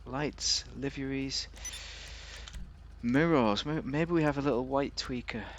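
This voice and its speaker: Male game host, loose conversational review delivery, easygoing humour, average pitch. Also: unhurried, a bit bright, a little hiss or hum. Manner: chatty, rambling, jokey. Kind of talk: casual game car review commentary.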